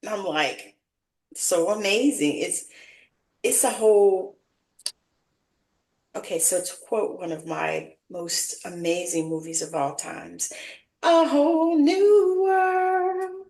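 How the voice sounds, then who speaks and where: A woman hosting a casual interview, enthusiastic, adding quick interjections. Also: fairly low pitch, a little mellow, reverberant. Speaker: host.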